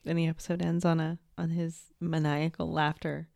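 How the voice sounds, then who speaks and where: A woman's voice: deep voice, flat delivery, moderate pace, creaky, darkish tone, no echo, studio quality. A woman co-hosting a podcast who chimes in with easy, casual chat about TV episodes. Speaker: podcast co-host.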